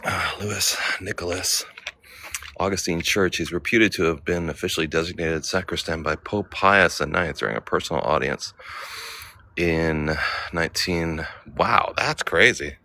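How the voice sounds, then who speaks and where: A man with a low, unhurried voice and a sharp tone walks through an outdoor cemetery while livestreaming. He chats casually with viewers and reads names aloud as he goes.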